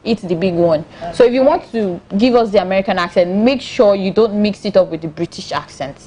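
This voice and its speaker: A woman's voice: medium pitch, brisk, dark tone, slight background noise. A Nigerian woman co-hosting a studio panel discussion, talking emphatically and firmly. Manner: emphatic, opinionated, quotes people in voices. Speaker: co-host.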